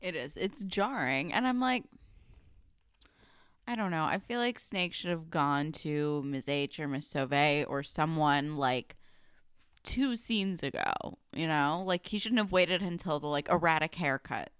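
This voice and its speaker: A woman's voice: sits low, lively intonation, unhurried, a bit bright, smooth, no room sound, studio quality. A young woman co-hosting a podcast, chatting casually about a TV episode, swearing freely with plenty of likes and ums. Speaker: podcast co-host. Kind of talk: casual chat recapping a TV episode.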